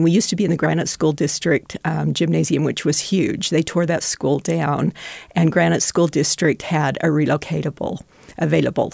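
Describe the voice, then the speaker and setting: A woman's voice: low-pitched, vocal fry, a little mellow, breathy edge, no room sound. A middle-aged woman volunteering with refugees, telling heartfelt, devout stories in an interview and getting emotional. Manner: heartfelt, tearful at moments, devout. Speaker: refugee donation center volunteer.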